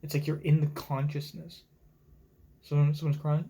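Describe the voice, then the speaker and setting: A man giving live reaction commentary on a manga chapter from a home streaming setup, talking in an excitable, casual way and swearing freely. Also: a little high, normal speed, gravelly, pauses often, slightly rough.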